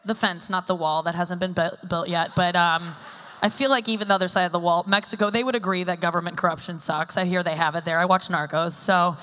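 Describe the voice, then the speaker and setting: A woman in her thirties performs stand-up on a live event stage. Her voice is bright and sharp, and she rambles in a self-deprecating way, packing her talk with "like"s. The sound rings out with the long reverb of a large hall. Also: lowish voice, fairly even intonation, fairly quick. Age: 30s. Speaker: stand-up comedian.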